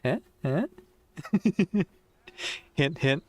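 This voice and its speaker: A man chatting casually while playing through a game story, excitable and rambling with frequent giggles. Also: on the high side, drawn-out words, dry recording. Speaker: game streamer. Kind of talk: casual gameplay commentary.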